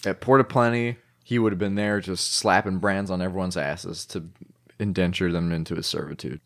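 Swaggering man with a low voice. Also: fairly even intonation, moderate pace, creaky, fairly bright tone. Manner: blustery, swaggering, profane. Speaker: player. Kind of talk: in-character tabletop role-play.

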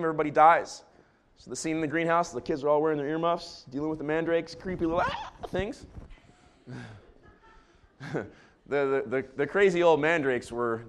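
A man's voice: a little high, a bit bright. A man who is a pastor, preaching a conversational sermon to a large congregation with joking asides. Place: church before a large congregation.

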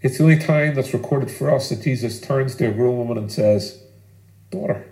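A man preaching a sermon as pastor, earnest and emphatic, with deliberate pauses. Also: medium pitch, darkish tone, roomy sound, rough recording.

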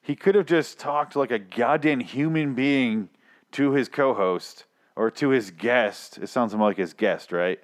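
A man's voice: medium pitch, a little slow. A man co-hosting a comedy podcast, ranting in casual banter with profanity and exasperation. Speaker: podcast co-host.

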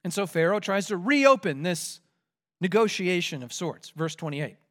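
A man's voice: high-pitched, big pitch swings, moderate pace, fairly bright tone. A man preaching an expository sermon verse by verse, talking in an earnest, emphatic way.

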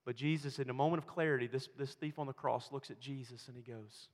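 A man preaching a sermon, swinging between loud emphatic lines and hushed, quiet storytelling. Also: medium pitch, fairly even intonation, fast, hardly any pauses. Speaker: pastor. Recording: long hall reverb.

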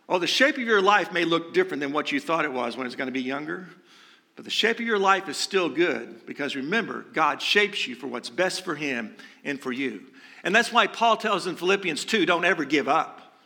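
A man's voice: a little high, expressive, moderate pace, gravelly, bright, forceful tone. A male pastor preaching a sermon in a conversational way, asking rhetorical questions and dropping light jokes.

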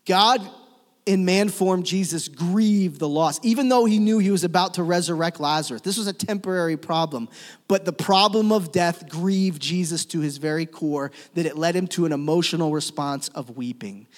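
Pastor guy preaching, kinda high voice, big echoey hall, goes loud then real quiet. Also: moderate pace. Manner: dramatic shifts between loud emphasis and hushed tones. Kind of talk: sermon. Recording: long reverb of a church hall.

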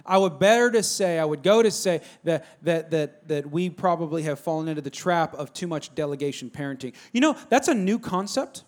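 Male pastor, slightly high voice, conversational and emphatic sermon delivery. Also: lively intonation, brisk, few pauses, darkish tone. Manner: repetitive, emphatic, conversational, calls to the congregation.

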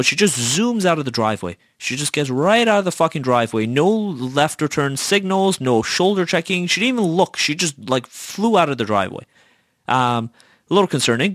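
A man's voice: on the high side, fairly bright tone, dry recording. A young man hosting a podcast, telling a casual, chatty story full of fillers and swearing. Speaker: podcast host.

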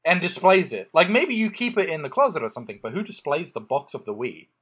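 A man chats casually through a movie recap, his pitch bouncing up and down as he jokes. He rambles, circles back with "um" and "anyway," and keeps restarting his sentences. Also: very animated, fast, a bit bright, slightly rough. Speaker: podcast co-host recapping a film. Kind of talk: casual chat.

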